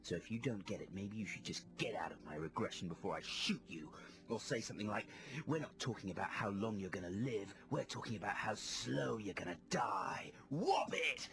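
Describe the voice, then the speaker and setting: A man playing a brooding male action-film hero in a comedy radio sketch, muttering lines low and half-whispered. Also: expressive, a little fast. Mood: gruff, brooding.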